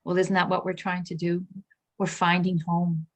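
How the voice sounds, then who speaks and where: A woman minister giving a reflective spiritual talk, gentle and searching, with pauses and restarts. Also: on the low side, flat delivery.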